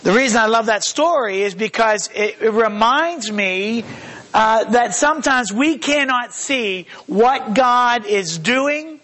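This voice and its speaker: A pastor preaches a sermon in a fairly high voice for a man. His delivery is halting, full of small fillers and restarts, and he slows to a deliberate pace when reading scripture aloud. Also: pushed and bright.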